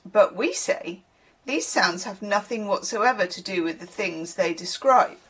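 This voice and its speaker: A woman's voice: mid-range voice, unhurried, a bit bright, husky. A woman reading a text aloud in a casual video, often breaking off to comment on it and apologise for her pronunciation. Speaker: tarot reader.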